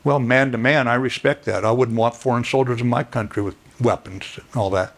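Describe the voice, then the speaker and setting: An older man giving a plainspoken, folksy storytelling speech as guest speaker, clearing his throat now and then. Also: mid-range voice, fairly even intonation, brisk. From United States.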